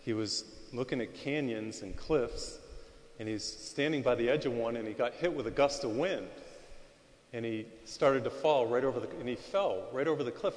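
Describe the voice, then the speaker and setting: A man giving a Gospel reading and homily as a priest, speaking directly to a congregation through a loud microphone and leaning on rising emphasis to tell his stories. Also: mid-range voice. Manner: talks straight to the congregation and asks them to repeat phrases. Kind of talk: sermon. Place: large church before a congregation. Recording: long church reverb.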